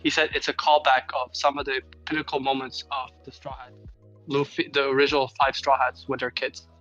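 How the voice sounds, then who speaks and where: A man's voice: medium pitch, little pitch movement, a little fast, bright, forceful tone, dull audio, faint music behind. A man on a video call chatting casually as a stream guest, stammering and repeating words. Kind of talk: casual chat.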